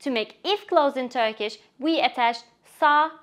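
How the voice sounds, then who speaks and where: A woman teaching a language lesson in a scripted, expressive way, acting out short example phrases. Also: high voice, measured pace. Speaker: Turkish teacher.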